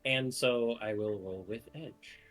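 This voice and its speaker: A man's voice: mid-range voice, takes it slowly, a bit bright, soft background music. A man playing a tabletop role-playing game, narrating his character's actions in a casual, rambling way with many fillers. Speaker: player.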